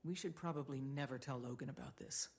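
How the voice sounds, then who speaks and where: A woman's voice: a bass voice, fast talker, gravelly, darkish tone. An actress voicing an adult female game character, matter-of-fact and confiding.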